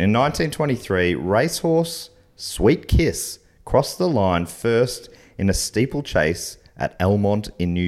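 An Australian man hosting a comedy quiz podcast, reading out questions and facts and riffing playfully between them. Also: on the low side. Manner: playful, reads facts aloud then riffs and laughs. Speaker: game show host.

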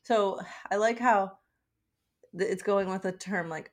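A woman's voice: on the low side, unhurried. A woman co-hosting a podcast in casual chat, dry and sarcastic in manner. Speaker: podcast co-host.

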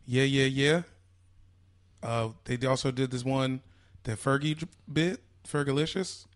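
A man's voice: mid-range voice, steady tone, unhurried. A man co-hosting a podcast, chatting casually in a rambling, jokey way. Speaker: podcast co-host.

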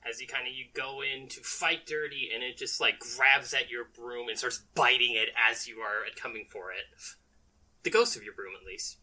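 Bright-voiced woman running a tabletop game. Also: rumbling low, fairly even intonation, low-quality recording. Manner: playful, laughs often, slips into quick character voices. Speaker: game master.

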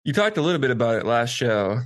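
A man co-hosting a casual hockey podcast, replying in a calm, dry, teasing way. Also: medium pitch, fast talker, no room sound. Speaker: podcast co-host.

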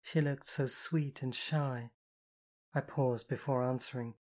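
An audiobook narrator reading a novel in the first person, in an even, intimate storytelling manner. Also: medium pitch, a little slow.

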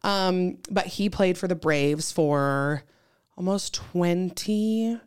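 A woman in her thirties, a podcast guest, telling stories in a chatty, animated way with lots of fillers. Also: lowish voice, slow, clear, resonant tone. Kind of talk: casual chat.

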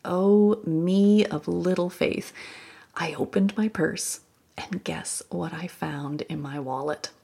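Woman host, unhurried devotional storyteller, low gravelly tone with a husky edge, drops into breathy whispers. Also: mellow. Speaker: podcast host. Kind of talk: reflective Christian podcast storytelling.

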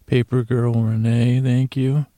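A man's voice: medium pitch, level tone, slow pace, warm tone, dry recording. A man hosting a podcast, rambling playfully as he thanks listeners and talks to imaginary creatures. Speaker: podcast host. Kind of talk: casual, playful thank-you segment.

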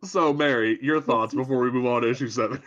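A man's voice: medium pitch, quick pace, fairly bright tone. A man co-hosting a podcast, chatting casually about a comic book in a rambling way. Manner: rambling, quotes lines in put-on voices. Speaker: podcast co-host. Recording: dull lo-fi sound.

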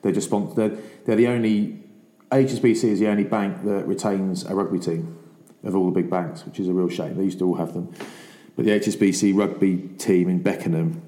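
A man hosting a podcast, chatting and telling anecdotes in a casual, lively way. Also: sits low, fairly quick. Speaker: podcast host. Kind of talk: casual chat. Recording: echoey room.

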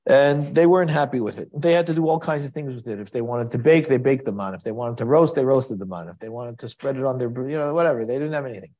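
A man's voice: mid-range voice, fast, few pauses, dark tone, highs cut off. A man teaching a Torah class in a conversational style, asking rhetorical questions and quoting Hebrew verses.

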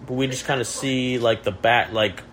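A man's voice: mid-range voice, normal speed, a bit bright, slight background noise. A young man hosting a casual podcast chat, musing in a jokey, mock-profound way. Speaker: podcast host.

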